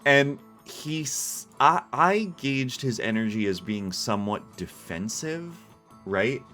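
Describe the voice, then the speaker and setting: A man's voice: medium pitch, expressive, slow pace, pushed and bright, soft background music. A man hosting a livestream in casual chat, a rambling storyteller who keeps restarting his sentences. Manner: rambling, self-interrupting storyteller with frequent laughs. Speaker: livestream host. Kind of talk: casual chat over a game stream. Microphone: earbuds with headset mic.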